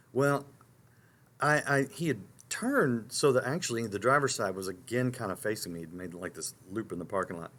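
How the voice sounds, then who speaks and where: Middle-aged male talk host, tells stories animatedly, slightly low voice. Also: moderate pace. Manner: animated storyteller, frequent restarts and asides. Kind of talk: storytelling on a live talk show.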